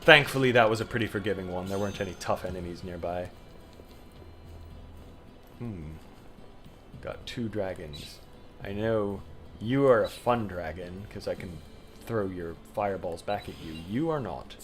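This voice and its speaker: A man streaming a video game, commenting casually and yelling and swearing at it when things go wrong. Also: deep voice, moderate pace, pauses often, faint music behind. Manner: excitable, swears, yells at the game. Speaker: gamer streamer.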